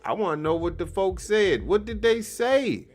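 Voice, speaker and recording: A man hosting a show, riffing on a replayed clip in casual, slangy commentary, animated and mocking, laughing often. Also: high voice, moderate pace, over loud music. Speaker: podcast host reacting to a clip.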